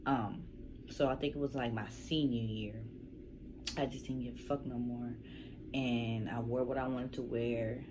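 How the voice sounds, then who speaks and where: A woman with a strikingly low, deep voice, talking straight to her camera in a relaxed storytime. She rambles and curses freely, drifting through fillers as she goes. She is a young adult from Northern California. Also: measured pace, background noise. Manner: laid-back, profane, rambling with fillers. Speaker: vlogger. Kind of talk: casual storytime.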